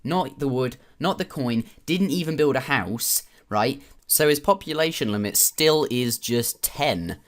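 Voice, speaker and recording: A man's voice: medium pitch, expressive, a little slow, hardly any pauses. A British man giving casual, rambling commentary on a strategy game replay, with joking asides and some swearing. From Britain.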